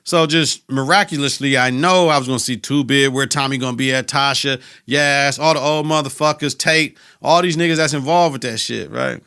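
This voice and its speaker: Male podcast host, mid-range pitch, bright tone, animated slang-heavy recap. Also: normal speed, few pauses, smooth. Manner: profane, animated retelling with slang. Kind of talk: casual episode recap.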